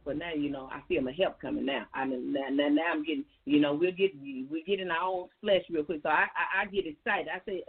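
A woman's voice: deep voice, steady tone, fairly quick, few pauses, breathy edge. A woman gives a folksy, preachy faith testimony as a guest on a call-in show, talking straight to her listeners. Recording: tinny phone line with faint music.

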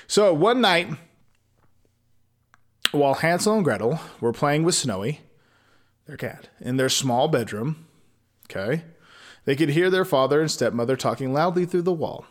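A man's voice: fairly high pitch, lively intonation, a little slow, long pauses. A man reading a fairy tale aloud, breaking off into rambling, profane comic asides. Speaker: storyteller.

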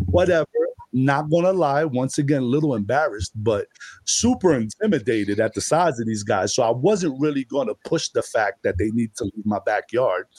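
A man's voice: medium pitch, a little mellow, dry recording. A man, a podcast guest telling a story with bursts of laughter. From Bronx, New York. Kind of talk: casual storytelling.

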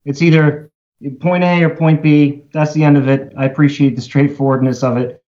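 A man's voice: on the high side, level tone, moderate pace, warm tone. Brief: Baltimore man, podcast host, loose rambling comedic chat, slightly muffled lo-fi audio. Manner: rambling, jokey, many fillers.

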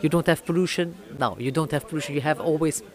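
French woman with halting, filler-rich English. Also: low voice. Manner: halting, many fillers and restarts. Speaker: oyster farm owner. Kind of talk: interview answers.

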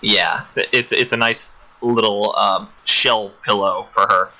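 A man co-hosting a podcast in casual chat, retelling a story with animated little voices and frequent laughs. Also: on the low side, measured pace, low-quality recording. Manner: laughs often. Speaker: podcast co-host.

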